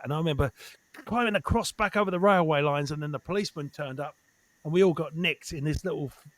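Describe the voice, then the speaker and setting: A fairly high-pitched man from Essex chatting as a comedian guest, animated and sweary and hammering his points with repetition. His voice sits close and dry on the mic. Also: dry recording. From Essex, England. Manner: animated, sweary, repeats himself for emphasis. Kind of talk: casual chat.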